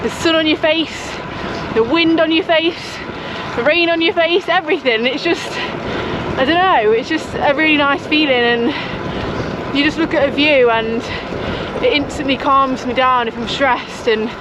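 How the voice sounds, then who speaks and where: A woman's voice: high-pitched, normal speed. Breathless woman chatting on a bike ride. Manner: chatty and upbeat, with loud whoops. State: out of breath while pedalling. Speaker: cycling vlogger. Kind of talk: casual vlog chat while riding. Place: outdoors on country roads, riding a bike. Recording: outdoor ride with road and wind noise.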